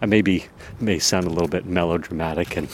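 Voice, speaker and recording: Low in pitch and fairly quick, this man's voice comes with a little hiss or hum. He's a podcast host outdoors in a town, delivering a casual monologue about himself, full of fillers and jokes at his own expense.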